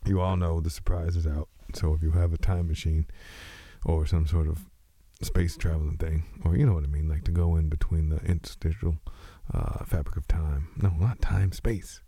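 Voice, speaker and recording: A man's voice: a bass voice, steady tone, moderate pace, mellow, breathy edge, dry recording. A man with a slight Texas twang, rambling loosely and joking at his own expense as he hosts a solo podcast. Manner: loose, joking, meandering, self-mocking. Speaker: podcast host.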